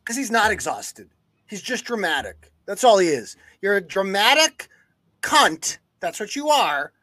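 A man's voice: high voice, big pitch swings, a little slow, pushed and bright, dry recording. Profane, sarcastic ranting man. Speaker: podcast host. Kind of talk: live news-commentary podcast.

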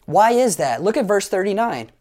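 A man preaching a sermon as pastor, telling lively stories with playful asides and leading the congregation in group actions. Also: sits high, normal speed.

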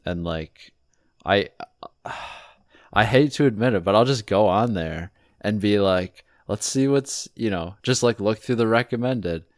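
A young man in casual chat, laid-back and hesitant, often pausing to search for words. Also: fairly low pitch, dry recording, clean studio sound.

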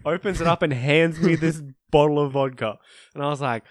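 A young man co-hosting a podcast, telling drinking stories in a casual, animated way, laughing and acting out his friends' lines. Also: a little high, brisk, dry recording. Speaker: podcast co-host. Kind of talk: casual storytelling chat.

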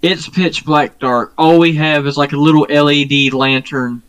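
A man co-hosting a podcast, telling a long story in casual chat, rambling and profane, often pausing on fillers. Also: a little high, fairly even intonation, a bit bright, smooth, dry recording. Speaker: podcast co-host.

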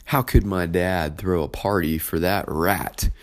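A man's voice: deep voice, steady tone, measured pace. A man voicing a resentful, hardworking older brother who complains indignantly.

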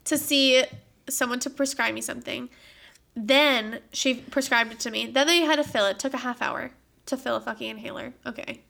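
A young woman with a high, bright voice and a gravelly, fry-laced edge, chatting casually with a friend. She tells her stories in an animated rush, swearing freely and laughing often. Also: normal speed. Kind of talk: casual chat.

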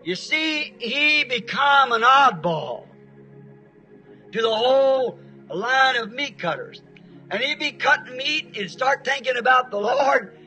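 High, bright-voiced folksy preacher. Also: male voice, lively intonation, slow, soft background music, poor audio. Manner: folksy storytelling with emphatic outbursts. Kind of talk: sermon.

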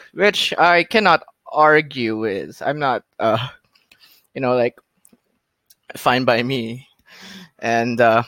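Halting casual male podcast host. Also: mid-range voice, fairly bright tone, dry recording. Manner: halting, full of fillers and restarts. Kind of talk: casual chat.

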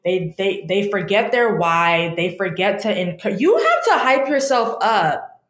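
Young woman, law student guest, casual chat, candid and animated, mid-pitched, echoey room. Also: measured pace. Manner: candid, animated storytelling, talks to herself in quotes.

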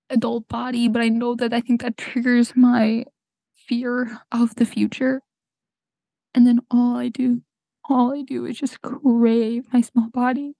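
Tearful young woman with a gravelly voice. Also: on the high side, fairly even intonation, a little mellow, no room sound. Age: young adult. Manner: halting, full of fillers and restarts. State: crying. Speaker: podcast host. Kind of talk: tearful personal monologue. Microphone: home podcast mic.

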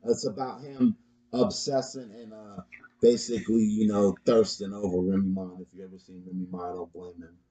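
A man's voice: lowish voice, level tone, moderate pace, mellow. A man co-hosting a podcast, telling a laid-back story in casual chat and swearing freely. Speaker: podcast co-host.

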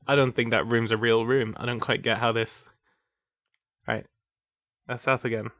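A young man chats casually through a game session and reads the game's descriptions aloud in a mid-pitched voice. His voice is close and dry, with no room sound around it. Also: little pitch movement, normal speed, fairly bright tone, dry recording. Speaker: game co-host. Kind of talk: casual let's-play chat, reading game text aloud.

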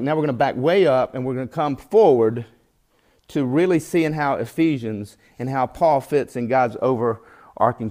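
A man's voice: medium pitch, darkish tone. Male Bible teacher, mid-range voice, earnest sermon delivery with homespun illustrations. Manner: earnest, reads scripture aloud and tells folksy illustrations.

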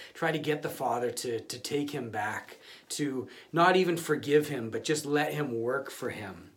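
A male pastor giving a conversational sermon, often restarting and repeating words. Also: mid-range voice.

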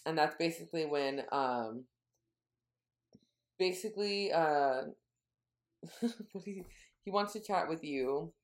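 A woman's voice: low-pitched, takes it slowly, pauses often, roomy sound. A woman co-hosting a podcast, retelling a book chapter in casual chat, rambling and correcting herself as she goes. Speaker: podcast co-host.

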